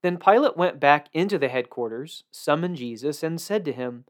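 A man reading scripture aloud in a steady, measured way. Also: mid-range voice. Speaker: scripture reader.

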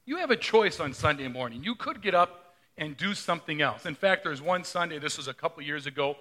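A man's voice: on the high side, expressive, brisk, bright, forceful tone. A middle-aged male pastor preaching a sermon in a conversational way, often asking the congregation questions.

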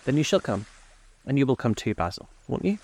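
A man's voice: medium pitch, big pitch swings, brisk, darkish tone, pitched above the performer's own voice. A man reading aloud as a languid, witty older nobleman who drawls his epigrams.

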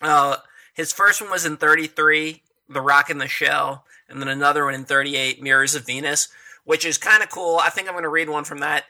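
A man's voice: fairly high pitch, fairly even intonation, a little fast, pushed and bright. A man telling stories in casual conversation, chatty and laughing often. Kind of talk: casual conversation about poetry.

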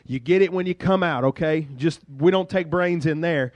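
A pastor voicing a big, gruff usher man who talks in a blunt, offhand way. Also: fairly high pitch, moderate pace, a little mellow, dry recording, close to an everyday voice.

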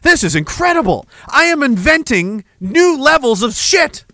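A man's voice: very high-pitched, big pitch swings, normal speed, pushed and bright, no echo, voice pushed up, full character voice. A man voicing the devil as a boastful, cheerful host showing off new tortures to his demons. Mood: gleeful bragging. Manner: gleeful, showy, game-show announcer bragging.

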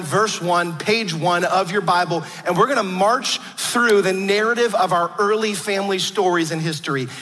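A man's voice: high-pitched, sharp tone. A man preaching a sermon, telling stories earnestly with frequent restarts. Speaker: pastor. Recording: long hall reverb.

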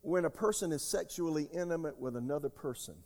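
A man in his sixties preaching a sermon as pastor, emphatic, jumping between loud outbursts and quiet asides. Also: on the high side, expressive, quick pace. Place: church sanctuary. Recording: long hall reverb.

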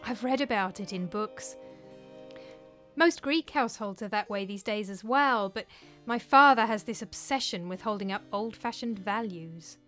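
A woman voicing Philinion, an eager, secretive young Greek woman, speaking softly and quietly. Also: medium pitch, normal speed, soft background music, natural voice. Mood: hushed eager. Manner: soft, hushed delivery.

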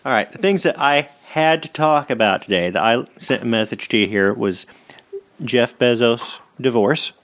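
A man's voice: medium pitch, moderate pace, fairly bright tone. A man co-hosting a casual podcast, bantering with dry, teasing humor. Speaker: podcast co-host.

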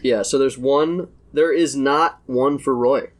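A man narrating as game master for a tabletop game, relaxed and chuckling. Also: medium pitch, slow pace.

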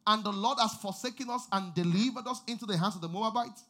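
A man preaching a sermon, reading scripture and building up to shouted, sing-song exhortations. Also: sits high, fast talker. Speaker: pastor.

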